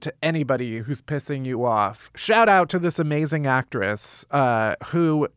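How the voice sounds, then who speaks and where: A man hosting a comedy podcast, telling a story in an animated, wry way and laughing as he goes. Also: a little high, measured pace, hardly any pauses, smooth, no room sound, clean studio sound. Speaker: podcast host.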